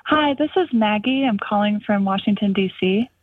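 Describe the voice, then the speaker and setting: A woman's voice: mid-range voice, normal speed, dry recording. Casting: chatty female caller, phone-line sound, dry. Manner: chatty, laughs often, many likes. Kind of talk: casual phone-in chat.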